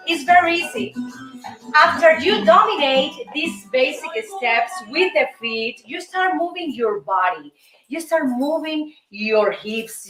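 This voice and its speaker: A woman's voice: fairly high pitch, a bit bright. A woman with a Cuban Spanish accent teaching salsa steps, counting beats aloud and calling out moves in a chatty way. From Cuba. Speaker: dance teacher and show host. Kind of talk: salsa lesson. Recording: roomy, distant mic, music behind.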